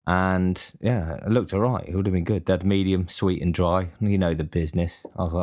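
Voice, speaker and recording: Deep-voiced man telling a rambling story. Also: moderate pace, hardly any pauses. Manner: rambling, sweary, deadpan complaining. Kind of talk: casual comedic storytelling.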